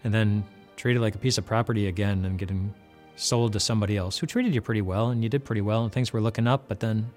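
A man's voice: lowish voice, steady tone, fast, few pauses, darkish tone. A man giving a casual devotional Bible talk as host. He speaks conversationally and often restarts and repeats words. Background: faint music.

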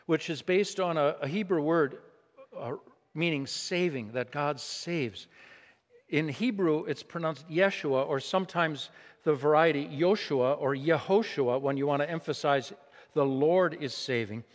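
A man with a fairly high voice delivers a sermon, talking with his congregation rather than at them. He leans on emphasis and throws out rhetorical questions. His voice rings out with the long reverb of a large church hall. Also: measured pace. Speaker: preacher.

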